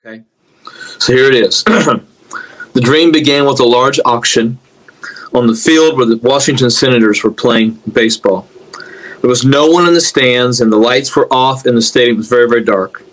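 A man recounting a prophetic dream in a dramatic storytelling way, often repeating words as he searches for them, and slowing and dropping low to stress key lines. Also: a bit bright, low-quality recording.

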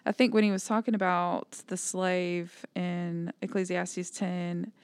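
A woman co-hosting a faith podcast, reflective and measured. Her voice is smooth and resonant, a bit low, with an even, flat delivery. It is recorded close and dry. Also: dry recording. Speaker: podcast co-host. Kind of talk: casual faith discussion.

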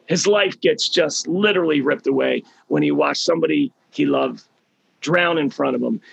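A man talking as a podcast guest, telling a story with passion, animated and repeating phrases for emphasis. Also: on the high side, normal speed, gravelly, breathy edge, rough recording. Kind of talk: impassioned storytelling.

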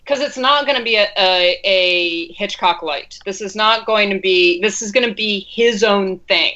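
A woman's voice: medium pitch, normal speed, few pauses, bright, forceful tone. A woman co-hosting a casual film podcast, talking things through with many restarts. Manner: thoughtful, talks in restarts. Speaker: podcast co-host. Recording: dull lo-fi sound.

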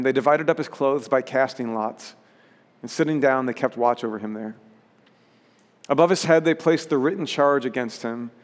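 A man's voice: mid-range voice, long reverb tail. A pastor preaching a sermon in an earnest way, rising to emphatic peaks as he reads scripture.

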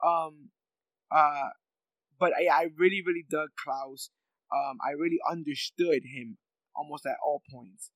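A man's voice: a little high, unhurried, a bit bright, dry recording, low-quality recording. A man co-hosting a casual chat reviewing a TV series, talking in a thoughtful, reflective way with many filler ums. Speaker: podcast co-host.

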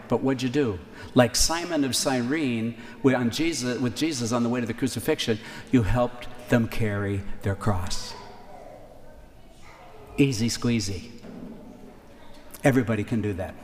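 A man's voice: mid-range voice, slight background noise. Man preaching a sermon in a reverberant hall. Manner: conversational, repeats key lines slowly for emphasis. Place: church. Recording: reverberant church hall, faint ambience.

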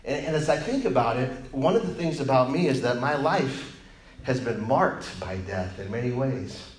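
A man in his forties preaching a sermon, an animated, joking storyteller who drops quiet and low for prayer and grief. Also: normal speed. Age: 40s. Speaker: pastor. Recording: echoey room sound.

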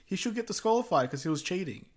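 A man's voice: sits high, sing-song, fast talker. A young man co-hosting a podcast, recapping a film in rambling casual chat full of "like" and "um". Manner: rambling, heavy on "like" and "um". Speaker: podcast co-host.

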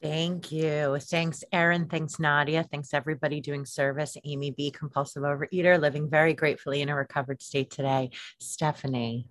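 A woman giving a grateful, gentle share at an online support meeting. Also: deep voice, fairly even intonation, a little fast, hardly any pauses, no echo. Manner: warm-hearted, grateful, gentle. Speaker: meeting member sharing. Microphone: video call.

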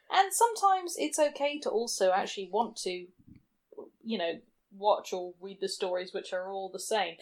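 Agreeable woman co-host. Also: mid-range voice. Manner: agreeable, chuckling, conversational. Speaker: podcast co-host. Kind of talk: casual chat.

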